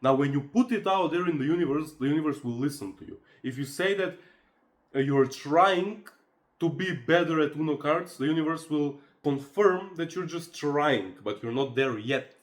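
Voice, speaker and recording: A man's voice: a little high, normal speed. Earnest man giving motivational advice. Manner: earnest, persuasive, loose with frequent "like" fillers. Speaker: motivational vlogger. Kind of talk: casual motivational monologue.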